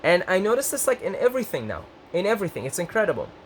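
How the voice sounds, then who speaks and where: A young adult man talking casually to the camera as a vlogger, rambling with restarts and jumping up in pitch when he gets excited. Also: very fast, a little hiss or hum. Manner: rambling, self-interrupting, lively pitch jumps when excited.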